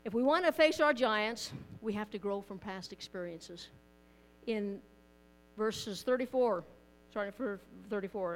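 A woman's voice: mid-range voice, measured pace. A woman pastor, preaching a conversational sermon in church, often repeating and restarting words.

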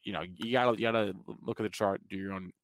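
A man with a New Jersey accent co-hosting a market show, rushing through his points and stumbling over repeated words. The sound is dry and close, with no room around it. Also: on the low side, fairly even intonation, no echo. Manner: quick, stumbling restarts. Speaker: co-host. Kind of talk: fast casual market talk.

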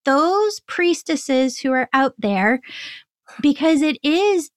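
A woman guest on a podcast interview, a spiritual teacher speaking in a slow, earnest, preaching way. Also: high voice, lively intonation, dry recording.

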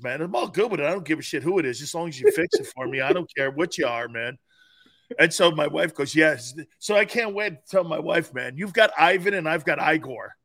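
A man co-hosting a casual sports talk show, telling profane stories and laughing loudly. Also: a little high. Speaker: co-host. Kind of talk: casual sports radio chat.

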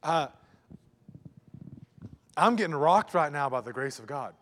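A male pastor delivers his sermon with a slightly high voice, pressing his points through repetition and dropping to a near-hush for emphasis. The long reverb of a church hall trails behind every phrase. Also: lively intonation, measured pace, a little hiss or hum. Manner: emphatic, repetitive preaching with sudden drops to a hush.

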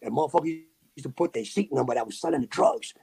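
Gravelly streetwise New York man. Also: fairly high pitch, fast talker. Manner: streetwise, animated, full of slang and fillers. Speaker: podcast guest. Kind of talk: casual storytelling.

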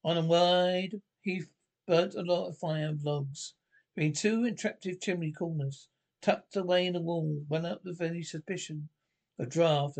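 Man narrating with a gravelly voice. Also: on the high side. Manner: halting, with frequent self-corrections. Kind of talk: audiobook narration.

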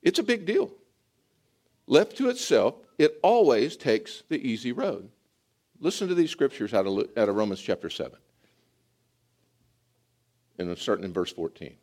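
A pastor preaching a sermon to a congregation, talking straight to them and getting them to join in. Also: male voice, mid-range voice, sing-song, moderate pace, long pauses, a little mellow.

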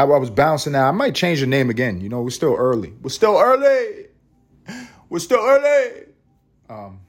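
A man from Harlem, hosting a podcast in a rambling, profane, joking monologue with frequent restarts. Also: on the low side. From Harlem, New York. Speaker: podcast host. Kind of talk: casual solo podcast monologue.

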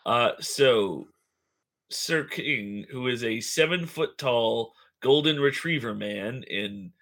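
Male player, gravelly voice, hesitant and descriptive, tabletop game chat. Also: medium pitch, slow pace, fairly bright tone. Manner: descriptive, hesitant with many fillers.

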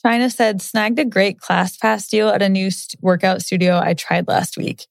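Woman podcast co-host, vocal fry, dry close recording, casual chat. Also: mid-range voice, fairly even intonation, normal speed, no room sound.

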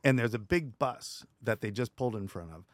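A man's voice: mid-range voice, brisk, no echo. A man telling a story as a podcast guest, acting out the people in it as he goes. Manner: animated, acts out quotes in the story. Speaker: guest, stuntman. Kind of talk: casual storytelling.

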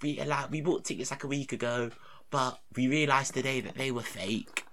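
A man's voice: mid-range voice, steady tone, normal speed, a bit bright, slight background noise. A young man, telling a story in casual, slangy, rambling podcast chat. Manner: rambling, slangy, often dropping to a mutter.

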